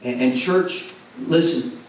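A man's voice: medium pitch, slow. Earnest preaching man in an echoey hall. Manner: earnest, repeats phrases for emphasis. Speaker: former pastor. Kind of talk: sermon. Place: church sanctuary. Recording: echoey hall, from far off, faint noise.

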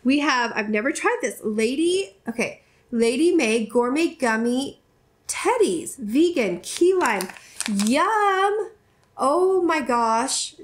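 A woman in her forties, a YouTuber, chatting to camera as she opens gifts. She gushes, restarts often and fills her talk with fillers. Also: a little high. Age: 40s. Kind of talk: casual unboxing chat to camera.

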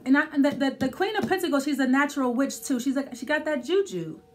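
Casting note: woman tarot reader, high voice, rambling and conversational. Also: animated, fast talker. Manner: thinking aloud, many restarts and fillers. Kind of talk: casual tarot reading.

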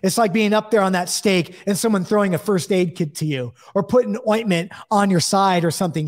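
A man's voice: sits high, a little fast, hardly any pauses. A man walks his listeners through scripture in a loose, conversational teaching voice, stopping to check they are following. He voices the people he quotes as he reads. The room gives his voice a long, trailing reverb. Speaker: Bible teacher. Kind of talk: Bible teaching, reading and explaining scripture.

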